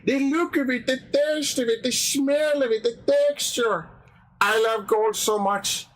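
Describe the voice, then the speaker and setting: A man putting on the voice of an eccentric, gold-obsessed villain, speaking slowly in a high, strained put-on voice with drawn-out words. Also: fairly even intonation, fairly bright tone. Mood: relishing.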